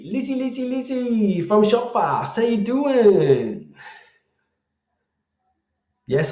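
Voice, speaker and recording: An Australian man hosting a casual live chat, rambling and affectionate as he repeats himself through shout-outs to viewers. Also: medium pitch. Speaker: host of an online community live chat. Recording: roomy and dull lo-fi sound.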